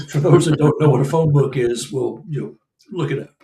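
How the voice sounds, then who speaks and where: A man in his sixties, a guest researcher and author, telling a personal story in a casual conversation, animated and laughing as he acts out what people said. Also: mid-range voice, moderate pace, creaky, echoey room, recorded from a distance, soft background music, rough recording. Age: 60s.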